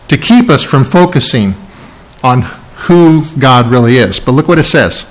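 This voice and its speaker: A man delivers a sermon from the pulpit in a somewhat high-pitched voice. He is emphatic and repeats phrases for weight. At tender moments he drops to a soft hush. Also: big pitch swings, normal speed, low-quality recording. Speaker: pastor.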